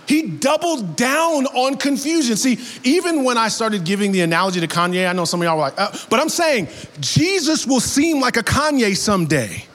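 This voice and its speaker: A man preaching a sermon as pastor, in a casual and animated way that builds to emphatic peaks. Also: very high voice, moderate pace, long reverb tail.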